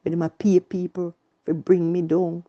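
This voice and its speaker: A woman's voice: lowish voice, little pitch movement, normal speed, warm tone, lo-fi sound. A woman with a Jamaican accent telling her personal story in earnest, repetitive Patois. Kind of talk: emotional personal testimony.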